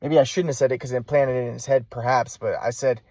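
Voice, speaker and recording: A man's voice: medium pitch, fairly even intonation, fast talker, hardly any pauses, mellow, dry recording. A man vlogging a personal story in a rambling, emphatic way, often repeating himself.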